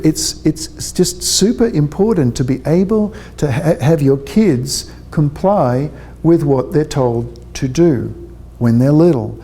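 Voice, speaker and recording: A man's voice: fairly high pitch, warm tone. A man giving a public talk to parents as a parenting consultant, chatty and joking, often checking in with his audience.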